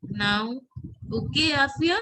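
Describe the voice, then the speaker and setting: A woman teaching an online French class, patiently repeating words slowly so students can drill them. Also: high-pitched, sharp tone, poor audio.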